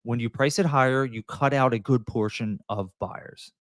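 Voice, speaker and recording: A man's voice: medium pitch, moderate pace, no echo, clean studio sound. A man, a real estate agent giving emphatic advice straight to camera and briefly acting out frustrated buyers and sellers. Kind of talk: direct-to-camera advice talk.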